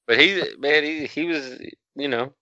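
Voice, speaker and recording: A man's voice: on the high side, unhurried, pushed and bright, no echo, muffled recording. A man co-hosting a podcast, joking, rambling and profane. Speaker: podcast co-host. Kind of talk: casual podcast chat.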